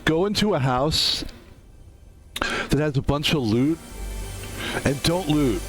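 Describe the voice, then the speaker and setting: A man's voice: fairly high pitch, lively intonation, slow pace, a bit bright, faint music behind. A man streaming a game, rambling casually with jokes and laughs while he plays. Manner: rambling, laughing, joking asides. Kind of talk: casual gameplay commentary.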